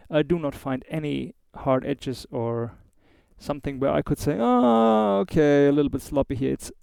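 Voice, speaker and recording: German-accented man, gravelly dark voice. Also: medium pitch, no room sound. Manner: chatty, informal, with small asides and fillers. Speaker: host of a guitar review show. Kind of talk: casual gear review.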